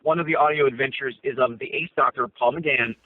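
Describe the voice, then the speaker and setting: A man's voice: medium pitch, fairly even intonation, fairly quick, no room sound. A man co-hosting a casual chat from a parked car, talking through his phone and rambling with many fillers and restarts. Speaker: co-host. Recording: tinny phone line.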